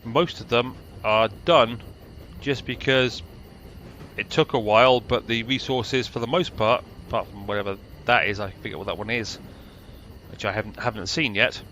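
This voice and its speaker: Middle-aged British male game commentator, dry sarcasm, bright voice, faint noise behind. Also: on the low side, steady tone, normal speed. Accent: British English. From Britain. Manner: dry, sarcastic, rambling asides. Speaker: gameplay commentator. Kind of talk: casual gameplay commentary.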